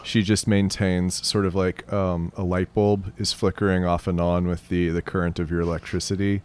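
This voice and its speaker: A man with a very low, deep voice hosts a casual livestream chat over a home mic. He rambles a little, jokes around and breaks into laughter often. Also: flat delivery, normal speed, a little mellow, clear, resonant tone. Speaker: host.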